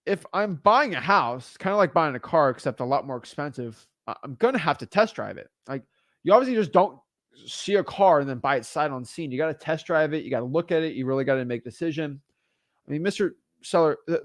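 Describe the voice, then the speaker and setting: Animated, blunt man teaching real estate. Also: a little high, no room sound, studio quality. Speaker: real estate wholesaling coach. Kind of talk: casual instructional talk.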